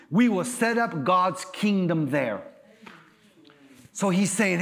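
A male pastor preaching a sermon, emphatic and rousing, asking the crowd questions and rising to shouts. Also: high voice, animated, extremely slow, long pauses.

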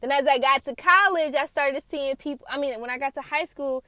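A woman's voice: high-pitched, brisk, sharp tone, no room sound. A woman from the United States telling personal stories in a casual, candid way, swearing now and then, talking from a car. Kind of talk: casual storytelling.

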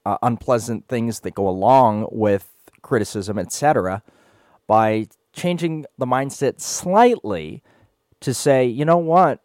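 A man hosting a podcast who also works as a sports official, talking in a thoughtful, measured way. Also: lowish voice, darkish tone, dry recording, clean studio sound. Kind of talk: casual podcast interview.

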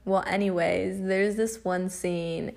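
A woman's voice: lowish voice, fairly even intonation, slow, creaky, darkish tone. A young woman hosting a casual podcast, telling stories in a chatty way, swearing often and laughing as she goes. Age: young adult. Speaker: podcast host.

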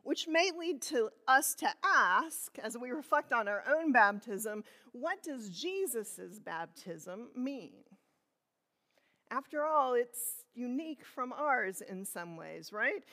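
Slow reflective woman preaching in a hall. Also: on the high side, very animated, sharp tone. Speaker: pastor. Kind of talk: sermon.

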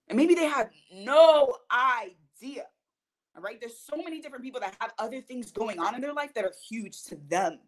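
Emphatic woman podcast host. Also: a little high. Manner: earnest, emphatic, swings between soft and loud. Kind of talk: personal motivational talk.

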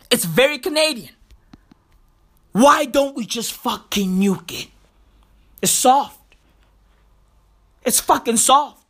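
A man ranting about the news in a profane, excitable comedic vlog, packed with slang. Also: extremely high pitch. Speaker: vlogger.

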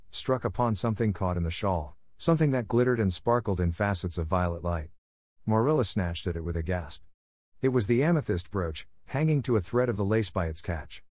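Low-voiced man narrating a storybook. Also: a little mellow, no room sound, studio quality. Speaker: audiobook narrator.

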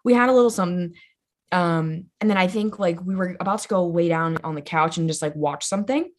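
A woman's voice: on the low side, fairly quick. Chatty, blunt young woman on a podcast. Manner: chatty, says "like" constantly, swears freely; loud, playful and blunt. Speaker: podcast guest. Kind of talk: casual conversation.

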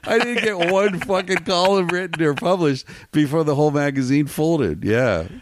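A man telling a story as a podcast guest, animated and swearing freely, often acting out what people said. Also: on the high side, normal speed, no echo, clean studio sound. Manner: animated, swears freely, acts out quoted dialogue. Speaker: podcast guest, travel writer. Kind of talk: casual storytelling chat.

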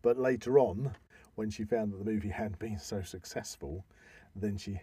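A man with a dark, mellow tone and a slightly husky edge talks casually as a podcast co-host. He stumbles and repeats words while he digs up film facts, in a relaxed chatty way. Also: fairly low pitch, normal speed, no echo. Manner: hesitant, repeats words, shares trivia.

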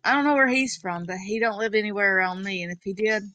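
A woman's voice: medium pitch, fast talker, sharp tone, highs cut off, slight background noise. A woman from North Carolina with a Southern accent, rambling and giggling in a casual group voice chat and calling people darling.

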